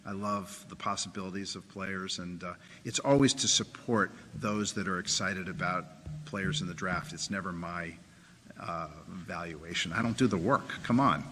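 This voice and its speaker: Man, team owner, press conference, hesitant, defensive, bright tone, roomy reverb. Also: deep voice, moderate pace, slight background noise. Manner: hesitant, filler-heavy, defensive.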